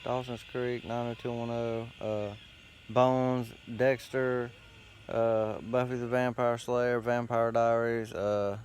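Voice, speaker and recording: A man's voice: medium pitch, flat delivery, slow pace, darkish tone, a little hiss or hum. A man hosting a show, rambling casually outdoors while sitting against a tree, with loose, profane, meandering talk full of fillers. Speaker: host.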